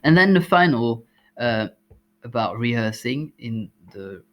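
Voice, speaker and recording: A man's voice: medium pitch, animated, measured pace, fairly bright tone. A man with a French accent, a language teacher giving exam tips, explaining step by step with frequent ums and uhs.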